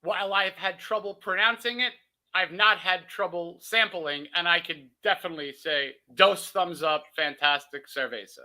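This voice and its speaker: A man with a high, bright, ringing voice, chatting eagerly as a sports podcast co-host. He is from New York and keeps poking fun at himself in quick, excitable banter. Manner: excitable, self-deprecating banter. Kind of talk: casual sports podcast chat.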